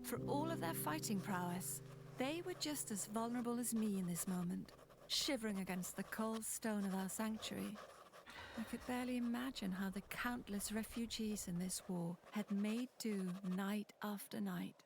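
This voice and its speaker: An actress voicing a young woman heroine who calmly narrates her wartime escape in a story game. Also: mid-range voice, normal speed, background noise, lightly acted. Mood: reflective. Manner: calm, reflective storytelling. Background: game music.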